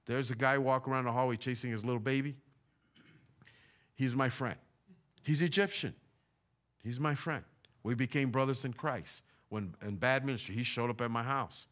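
A man's voice: mid-range voice, moderate pace, pauses often, a bit bright. A middle-aged man from Puerto Rico, preaching a fervent sermon in a church, repeating his points with emphasis. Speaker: pastor. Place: church sanctuary.

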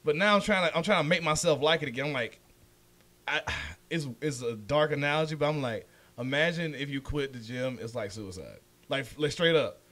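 A man's voice: fairly high pitch, fairly quick, a bit bright. A man co-hosting a podcast, chatting casually, joking, swearing and laughing often. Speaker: podcast co-host, comedian.

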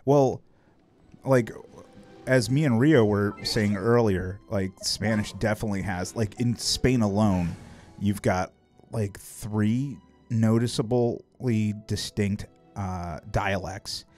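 A man with a Midwestern American accent hosts a relaxed livestream conversation, asking curious questions between plenty of "um"s. His voice sits on the low side, and faint music plays underneath. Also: takes it slowly. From United States. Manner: relaxed, curious, many fillers. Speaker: streamer. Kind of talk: casual chat on a livestream.

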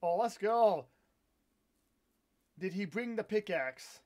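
A man's voice: high voice, expressive, slow pace, darkish tone. A young man streaming a live game with viewers, chatting, swearing and bursting into frustrated outbursts. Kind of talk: live gameplay stream commentary.

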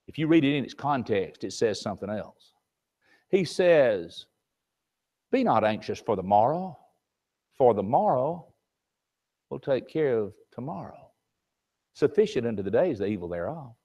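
Animated older preacher. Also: male voice, medium pitch. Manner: animated storytelling, acts out voices in anecdotes. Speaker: preacher teaching a Sunday class. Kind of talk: folksy Bible class sermon.

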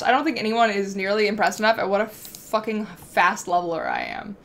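A woman's voice: medium pitch, brisk, hardly any pauses. A young woman live-streaming a game, chatting casually, swearing freely and bantering with her chat. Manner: excitable, swears freely, talks back to chat.

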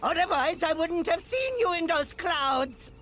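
Woman as a chuckling old cartoon duck professor, high and sing-song, loud music behind. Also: animated, a little slow, full character voice. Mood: jolly. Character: old male duck professor, jolly and chatty. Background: background music.

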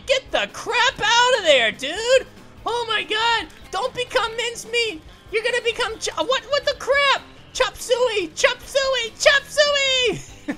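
A woman voicing a bubbly young female grape who hosts animated let's-play commentary, giggling, making puns and yelping at danger, over faint music. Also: sits high, full character voice. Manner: giggly, punny, yelps at danger. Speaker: host of gaming videos.

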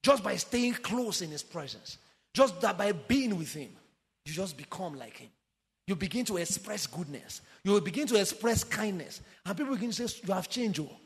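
A man preaching a sermon with passion, swinging from sung, shouted emphasis down to quiet low asides. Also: sing-song, normal speed. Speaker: pastor. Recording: long hall reverb.

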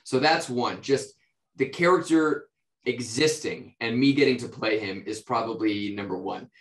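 A man from the United States, an actor, answering interview questions in a relaxed, rambling way, with lots of fillers and restarts. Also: medium pitch, normal speed. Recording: roomy echo.

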